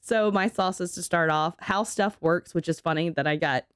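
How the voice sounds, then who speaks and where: Low-voiced woman, laughing, swearing co-host. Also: normal speed, clear, resonant tone, no echo, studio quality. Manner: laughs often, swears casually. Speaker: podcast co-host. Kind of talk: casual chat.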